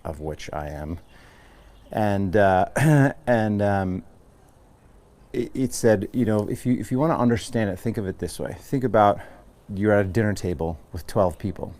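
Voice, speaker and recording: This man from Long Island, New York, is an American yoga teacher with a fairly low, darkish voice at normal speed. He speaks earnestly and casually while guiding his class, rambling and restarting sentences along the way.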